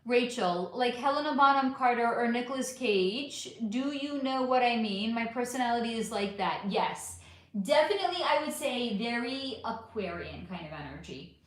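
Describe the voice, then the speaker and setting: Middle-aged woman, livestream host, lively pitch swings, blunt and sarcastic, roomy echo. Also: moderate pace. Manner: animated, blunt, sarcastic with commenters. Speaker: livestream host reading chat. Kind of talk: casual livestream chat. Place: home room.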